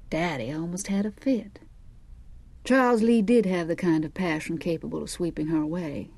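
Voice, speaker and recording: Mellow-voiced woman narrating an audiobook. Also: mid-range voice, no room sound. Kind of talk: first-person audiobook narration.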